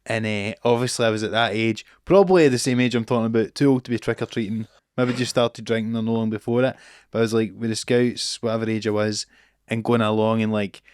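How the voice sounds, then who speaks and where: A man's voice: lowish voice, fast, clean tone, no room sound, studio quality. A Scottish man co-hosting a podcast, telling a childhood story in casual chat and acting out the voices in it. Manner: animated storyteller, acts out voices and screams. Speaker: podcast co-host.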